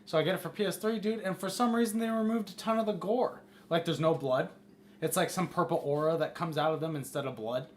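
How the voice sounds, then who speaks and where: A man's voice: on the high side, fast talker, a little hiss or hum. A man co-hosting a podcast in casual chat, swearing freely and calling the others "dude". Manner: swears a lot, says "dude". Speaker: podcast co-host.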